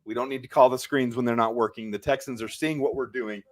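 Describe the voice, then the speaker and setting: A fast-talking man with a medium-pitched, steady-toned voice hosts a live watch party. He reacts to every play with agitated ranting and yells furiously at the referees.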